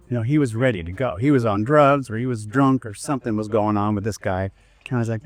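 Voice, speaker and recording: This speaker's voice sits at medium pitch, recorded with no echo. Addressing a live wellness crowd, he tells his own story in an easygoing way, full of fillers and false starts, while leading everyone in slow breaths.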